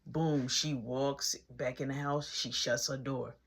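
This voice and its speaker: A woman's voice: extremely low pitch, steady tone, slow pace, few pauses, slightly rough. A woman telling a slangy first-person story in a casual series, acting out every line of dialogue.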